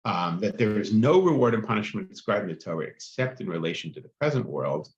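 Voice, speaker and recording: Reading passages aloud and unpacking them in a chatty manner, this man teaches a text-study class and keeps checking in with "right?" His voice is lowish and sing-song, moving at a quick pace, in a muffled, echoey room.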